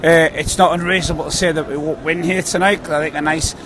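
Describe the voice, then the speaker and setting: A man's voice: a little high, steady tone, quick pace. A man, giving rambling, earnest predictions about a football match outdoors. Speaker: football fan guest. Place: outdoors on a busy city street. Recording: noisy street background.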